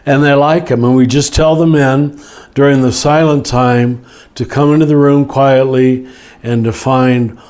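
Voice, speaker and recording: An older man, a Catholic teacher and author, explaining ideas slowly and reflectively, often restarting and listing words. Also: mid-range voice, steady tone, darkish tone. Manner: slow, reflective, with frequent restarts and lists. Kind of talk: relaxed spoken teaching in conversation.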